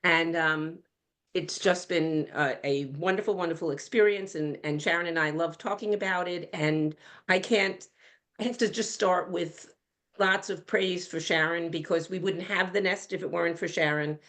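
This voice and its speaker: Lower-voiced older woman guest, laughing. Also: fairly even intonation, normal speed. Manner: warm, laughing, self-correcting. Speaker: guest, nonprofit assistant director. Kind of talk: casual chat.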